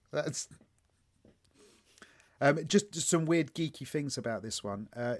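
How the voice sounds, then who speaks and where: A man, a young adult, co-hosting a podcast in casual chat, swearing and telling stories with mock quotes. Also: medium pitch. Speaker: podcast co-host.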